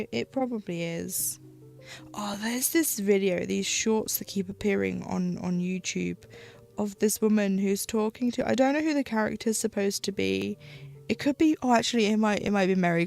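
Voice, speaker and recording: A woman's voice: medium pitch, moderate pace, gravelly, darkish tone, soft background music. A British woman streaming live, chatting casually while she cross-stitches, rambling and losing her thread. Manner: rambling, chatty, loses her train of thought.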